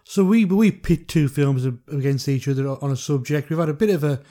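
Mellow-voiced man co-hosting a podcast. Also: on the high side, brisk. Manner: laid-back, chatty, laughs easily. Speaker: podcast co-host. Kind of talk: casual podcast chat.

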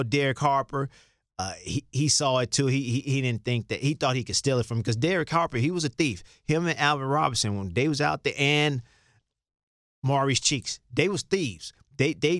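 A man's voice: medium pitch, fairly bright tone, dry recording, studio quality. A middle-aged man telling loose, rambling basketball stories in an interview, repeating words and laughing now and then. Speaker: interview guest, former basketball player. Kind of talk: casual storytelling interview.

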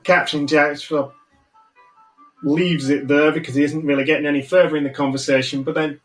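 A man narrating as game master in a relaxed, chatty way, with plenty of filler words. His voice sits slightly high for a man, and faint music plays behind him. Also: fairly quick, rough recording.

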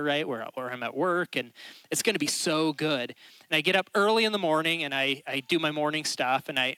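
Male pastor, conversational sermon delivery, a bit high and bright. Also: no echo, low-quality recording. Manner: conversational storytelling, keeps checking in with the crowd. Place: church.

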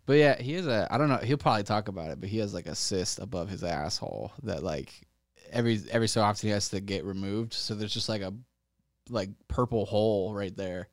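Young guy for loose podcast chat: smooth clear voice, dry close sound, profane and rambling. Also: on the low side, brisk, dry recording. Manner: rambling, profane, heavy with "like" fillers, laughs often. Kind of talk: casual chat.

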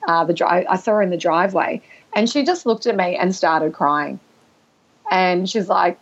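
A woman guest telling a personal story in conversation, halting and emotional, with restarts and throat-clearing. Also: lowish voice. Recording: dull lo-fi recording.

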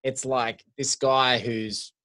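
A man co-hosting a casual film podcast, talking in long, rambling, animated stretches full of "like". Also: medium pitch, takes it slowly. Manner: rambling, animated, heavy use of "like". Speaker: podcast co-host.

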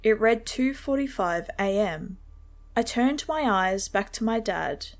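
A woman narrating a first-person horror story in a steady, measured storytelling way. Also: medium pitch.

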